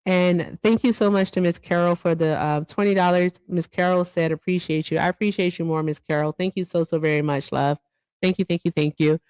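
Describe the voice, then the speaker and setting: A woman's voice: on the low side, fairly even intonation, fairly quick, darkish tone, smooth, no echo. A woman co-hosting a livestream show, chatting casually and reading out viewer thank-yous with asides. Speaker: livestream co-host.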